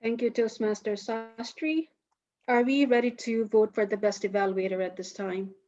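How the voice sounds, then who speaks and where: A woman's voice: fairly high pitch, fairly even intonation, normal speed, a little mellow. A woman acting as general evaluator, introducing speakers at an online club meeting. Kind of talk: meeting chair over video call. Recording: dull lo-fi audio.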